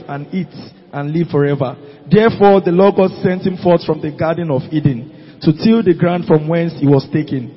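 A man's voice: a little high, husky. Man reading scripture in an echoing hall. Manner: steady, measured reading with small slips. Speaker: scripture reader in church. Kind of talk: reading scripture aloud in a sermon. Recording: dull, lo-fi recording in a reverberant hall.

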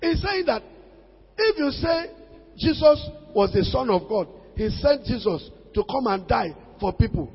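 Gravelly preacher in a reverberant hall. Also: male voice, expressive, measured pace. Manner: swings from low asides to shouted exhortation. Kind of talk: sermon. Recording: reverberant hall, dull lo-fi sound.

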